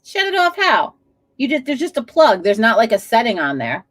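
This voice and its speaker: A woman hosts a casual live stream from home, talking to her viewers. Her fairly high voice swings widely up and down as she chats, swears and laughs often. It sounds like a home desk setup with a webcam. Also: huge pitch swings, normal speed, fairly bright tone. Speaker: livestream host.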